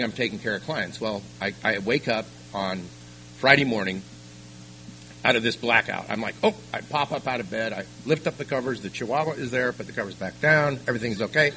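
An older man giving a personal testimony at a recovery meeting, telling his story haltingly with frequent restarts. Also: mid-range voice, sharp tone, slight background noise, rough recording. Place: meeting room.

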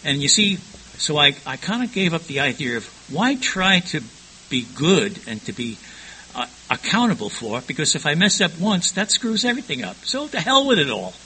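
A man's voice: fairly high pitch, big pitch swings, normal speed, sharp tone, slight background noise, low-quality recording. An older man frankly recounting his past in a rambling personal testimony, often stumbling and repeating words.

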